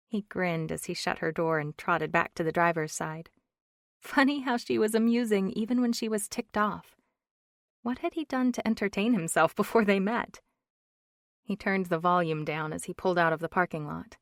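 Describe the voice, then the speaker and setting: Woman audiobook narrator, low-ish voice, measured and even, dry close mic. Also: dry recording. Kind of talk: scripted narration.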